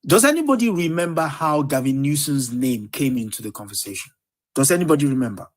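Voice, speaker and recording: A man's voice: fairly high pitch, expressive, a little fast. A man on a live news panel, making a pointed argument with rhetorical questions. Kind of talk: live podcast panel discussion.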